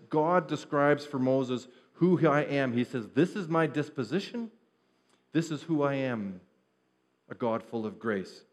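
A man's voice: on the high side, a little mellow. A man preaching an earnest sermon to his congregation, shifting his pace and stress as he teaches from Scripture. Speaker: pastor.

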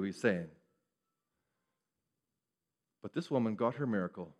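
A man's voice: mid-range voice, huge pitch swings, moderate pace. Man preaching with rhetorical questions. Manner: asks the listeners rhetorical questions; swings between hushed and raised delivery. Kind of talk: sermon.

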